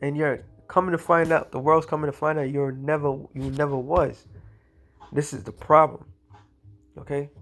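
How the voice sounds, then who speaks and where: A man's voice: fairly high pitch, steady tone, a bit bright, soft background music. Combative man preaching from scripture. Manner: combative, preachy, reads scripture aloud in slow cadence; casual slangy speech, repeats "all right" and "okay". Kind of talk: religious commentary monologue.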